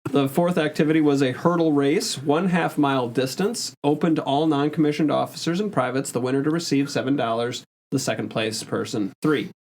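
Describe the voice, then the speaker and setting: A man's voice: a little high, fairly quick, hardly any pauses, darkish tone. A man hosting a history podcast, reading old accounts aloud in casual chat, with a few stumbles and laughs. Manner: reads old texts aloud, stumbles on words, laughs along. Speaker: podcast host presenting history.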